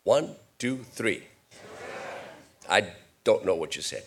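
A man preaching a sermon, moving between quiet, low asides and loud, high-pitched rhetorical questions. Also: lively intonation, slow pace, long pauses, breathy edge. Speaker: pastor.

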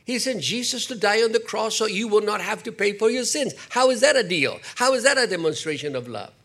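An older man preaching a sermon, animated, slipping into acted quotes and jokey asides. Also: high voice, a little fast. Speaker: pastor.

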